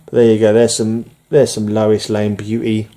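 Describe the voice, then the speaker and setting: Male comic collector vlogging from home; mellow, rambling, chatty. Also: on the low side, monotone, normal speed. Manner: rambling, chuckling, many fillers. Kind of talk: casual chat showing comics. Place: room at home under fluorescent light.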